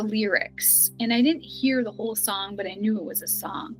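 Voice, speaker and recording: A middle-aged woman telling a personal story earnestly, some lines hushed and some bright. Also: mid-range voice, moderate pace, hardly any pauses, soft background music, rough recording. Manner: earnest, emotional, shifts between hushed and bright. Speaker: guest telling her experience.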